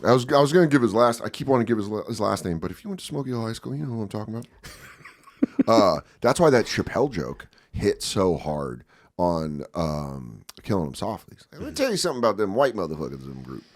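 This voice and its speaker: A man in his forties telling a story casually as a podcast guest, profane and animated, acting out voices loudly. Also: fairly low pitch, fairly quick.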